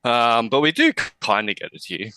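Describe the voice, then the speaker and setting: A man with an Australian accent, a guest on a podcast, giving relaxed, brief replies in casual chat. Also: medium pitch, moderate pace.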